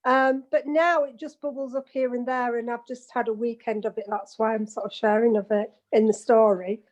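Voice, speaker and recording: A woman's voice: a little high, level tone, moderate pace, a little mellow, dull audio. A woman from England chatting on an online meeting call, a giggly storyteller. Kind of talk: casual video call chat. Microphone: video call.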